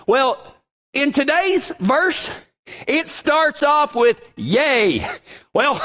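A man's voice: very high voice, lively intonation, takes it slowly, sharp tone. A middle-aged man preaching a casual sermon, telling personal stories in a chatty, self-deprecating way.

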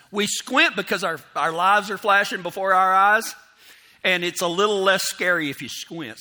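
Man, higher-pitched, very bright tone; rambling self-mocking storyteller who plays out his own inner voice. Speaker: storyteller speaking to an audience. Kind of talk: casual storytelling.

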